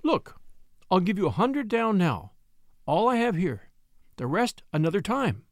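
Storybook role: a trembling widow, stammering, pleading, voiced by a man, high and wavering. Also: sing-song, a little slow, dry recording, clean studio sound. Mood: frightened. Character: frightened genteel widow, woman, middle-aged.

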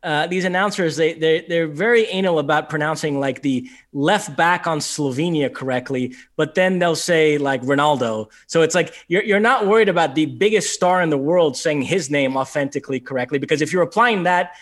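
Guy cohosting a podcast, kinda high voice, stumbles and restarts a lot, casual. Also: moderate pace, hardly any pauses, a bit bright. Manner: hesitant, lots of restarts and fillers. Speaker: podcast co-host. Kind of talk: casual chat.

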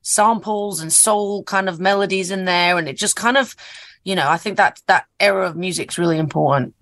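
A woman's voice: fairly low pitch, normal speed, fairly bright tone, no echo. A woman in her thirties, a guest singer chatting and laughing in a casual interview over a video call. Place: remote, not in the studio.

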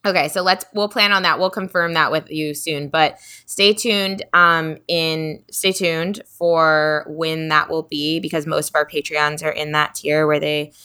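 A chatty woman co-hosting a podcast, her voice bright and ringing but sitting fairly low. She talks casually, laughs a lot and gets animated when she tells a story. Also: measured pace, few pauses, clear, resonant tone. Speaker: podcast co-host. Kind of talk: casual chat.

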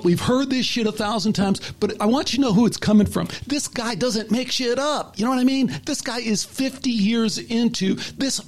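A man's voice: sits high, darkish tone. A man hosting a casual talk show, animatedly retelling a story and acting out the voices in it. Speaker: podcast host.

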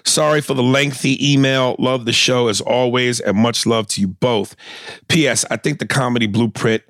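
A man co-hosting a podcast, reading a listener email and riffing in casual chat, animated and quick to laugh. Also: mid-range voice, dry recording. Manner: animated, laughs often, stammers when excited. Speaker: podcast co-host.

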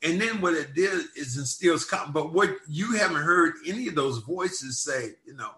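A man co-hosting a podcast, talking basketball in a casual, emphatic way that turns loud and lively when he argues a point. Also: fairly high pitch, fairly quick, few pauses. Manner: emphatic, gets loud and animated when arguing. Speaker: podcast co-host. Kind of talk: casual sports talk.

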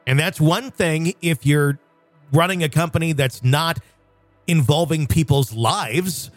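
A man's voice: fairly high pitch, a little slow, dry recording. Podcast co-host, male, loose rambling delivery, dry close mic, faint music underneath. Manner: rambling, with frequent restarts and fillers. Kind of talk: casual conversational chat.

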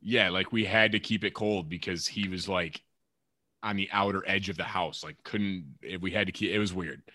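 Young man chatting, low dry voice. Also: moderate pace, pushed and bright, dry recording. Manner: rambling, lots of "like" and "literally". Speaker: podcast co-host, pro baseball player. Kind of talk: casual chat.

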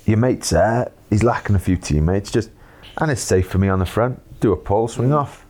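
A man's voice: lowish voice, moderate pace, darkish tone. A Welsh man hosting a podcast, chatting in an easygoing, matey way and laughing often. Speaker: podcast host. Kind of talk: casual chat.

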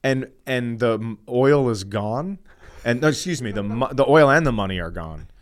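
A man's voice: medium pitch, moderate pace. A man, a comedian co-hosting a podcast, telling a story in a casual, profane way and laughing as he talks. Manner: animated, profane storytelling, often laughing mid-sentence.

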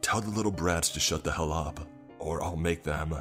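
Brief: a man playing a gruff armed robber for a spoken story, very deep, threatening. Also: moderate pace, fairly bright tone, soft background music. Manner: threatening, barking orders.

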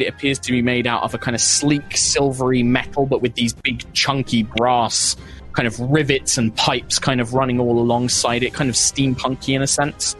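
A man's voice: medium pitch, fairly bright tone. Chatty man running a tabletop game. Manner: chatty, many fillers, laughs at own lines. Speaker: game master.

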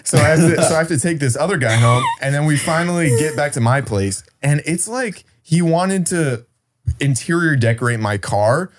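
A man's voice: a little high, expressive, normal speed. A young man telling a story on a podcast, acting out his friend's lines and laughing often. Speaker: podcast guest. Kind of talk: casual storytelling chat.

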